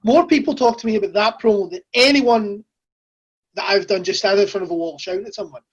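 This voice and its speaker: A Scottish woman hosts a relaxed chat, joking and quick with asides. Her voice is husky and sits mid-range. The sound is dull and lo-fi. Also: medium pitch. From Scotland. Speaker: host. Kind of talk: casual interview chat.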